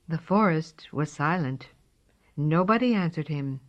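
Slow, expressive woman reading a storybook. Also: lowish voice. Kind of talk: storybook read-aloud. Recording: dull lo-fi recording.

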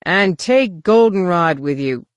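Gruff cocky male captain, read by a woman: loud and grumbling, in a close, dry reading. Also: lowish voice, expressive, moderate pace, no echo, dull audio, lightly acted. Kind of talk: audiobook character voice.

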